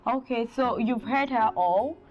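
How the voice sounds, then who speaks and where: An actress with a Nigerian accent playing a TV reporter giving a formal scripted report. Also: female voice, a little high, measured pace, dull audio, faint music behind, close to an everyday voice. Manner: formal, presenting. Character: television reporter.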